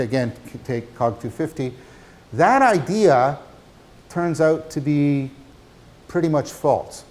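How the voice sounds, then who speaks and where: A man giving a university lecture, animated, asking his class questions as he talks. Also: medium pitch. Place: lecture hall.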